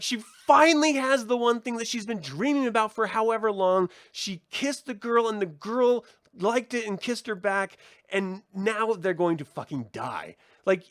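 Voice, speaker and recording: A fairly high-voiced man talks through a TV episode in a loose, casual review. He gets excitable, swears freely and leans on "like" as filler. The sound is dry and close, with no room around it. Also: no echo. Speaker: TV series reviewer. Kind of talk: casual video review commentary.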